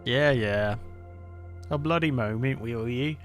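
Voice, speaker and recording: A man's voice: mid-range voice, slow pace, faint music behind, close to an everyday voice. An actor playing a shifty male potion seller in a video game, talking in thick street slang and calling people brute and lad. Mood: impatient. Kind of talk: video game character dialogue.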